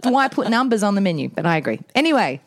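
Lively joking Australian woman co-host. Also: mid-range voice, fast. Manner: lively, joking, swears casually. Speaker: podcast co-host. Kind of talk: casual chat.

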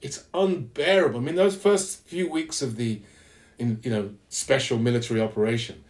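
In a candid podcast interview, a man from London reflects earnestly in an English accent, stopping and restarting his lines often. His voice is mid-range and a little mellow.

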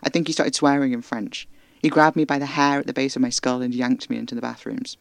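A man narrating a first-person horror audio drama in a hushed, intimate way, often slipping into breathy whispers. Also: mid-range voice, little pitch movement, quick pace, dry recording.

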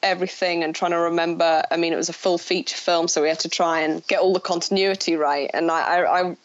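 A fairly low-pitched woman with an English accent, from Scotland, talks casually about her acting work and laughs easily between thoughts. Her voice is dry and close, with no room sound around it. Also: steady tone, quick pace, dry recording, muffled recording. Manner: chatty, laughs often. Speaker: actress, interview guest. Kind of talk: casual chat.

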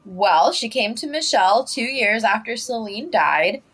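A woman hosting a casual book podcast, animated and laughing often as she recaps chapters. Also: fairly high pitch, a little slow, husky. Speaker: podcast host.

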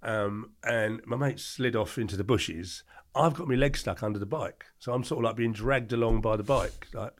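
Gravelly older Englishman telling a story. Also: mid-range voice. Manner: animated storyteller who acts out the voices. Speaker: podcast guest, former doorman. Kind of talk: storytelling in a casual interview.

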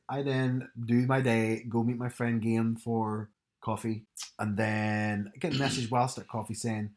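A man's voice: medium pitch, fairly even intonation, measured pace, a little mellow. A man co-hosting a podcast, chatting casually and acting out what people said. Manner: chatty storytelling, acts out quoted lines. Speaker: podcast co-host. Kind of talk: casual chat.

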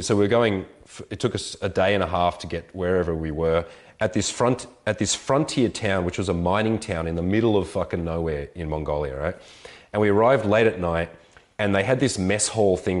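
A man casually telling an animated, profane travel story in conversation. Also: low voice, brisk. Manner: animated storyteller, swearing, voices others.

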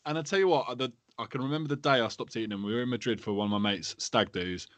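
A man's voice: medium pitch, fast talker, dry recording. A man, hosting a casual hip hop podcast, swearing freely and laughing through his stories. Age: 30s. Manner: laddish, sweary, laughing storyteller. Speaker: podcast host.

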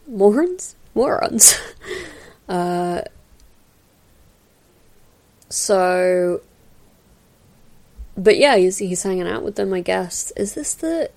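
Speaking into a new podcast mic, a woman with a mellow voice on the high side hosts a relaxed film commentary. Her talk meanders, peppered with fillers and light laughter.

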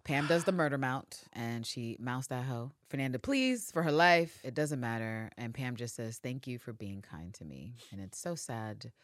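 A low-pitched woman recaps a TV episode for her podcast, swearing freely and acting out the characters' lines. Her pitch swings widely from one line to the next. The recording is dry and close. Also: moderate pace, few pauses, no echo. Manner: animated, profane, acts out characters' lines. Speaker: podcast co-host. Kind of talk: casual TV recap chat.

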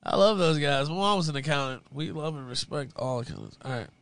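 A man with a Southern US accent hosting a casual livestream as moderator, rambling and chuckling often as his volume swings from loud to low. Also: lively intonation, quick pace, gravelly.

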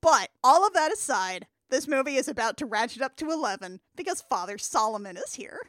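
A woman's voice: high voice, big pitch swings, a little fast, fairly bright tone, no room sound, clean studio sound. A young adult woman co-hosting a podcast, recapping a film in casual, wry chat with frequent laughter. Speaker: podcast co-host.

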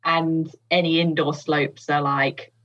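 A woman's voice: sits low, flat delivery, slow pace, fairly bright tone, lo-fi sound. A woman guest on a podcast, chatting casually with lots of fillers and frequent laughs. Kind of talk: casual chat.

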